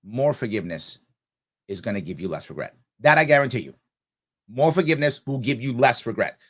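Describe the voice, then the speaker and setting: A man's voice: mid-range voice, lively intonation, brisk, a bit bright. A man in his forties hosting a show, speaking earnestly and emotionally in a heartfelt personal monologue with repeated emphasis. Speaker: show host.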